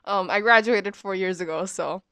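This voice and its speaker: A young woman in her twenties rambles through a casual storytime, full of fillers and asides. Her voice is clean and smooth. It sits close and dry, with no room around it. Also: mid-range voice, normal speed, fairly bright tone, no echo. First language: English. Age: 20s. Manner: chatty, rambling, many "um" and "like" fillers.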